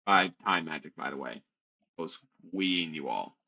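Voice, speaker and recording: A man narrating as game master in a tabletop game, in an unhurried, rambling way. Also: very deep voice, lively intonation, gravelly, lo-fi sound.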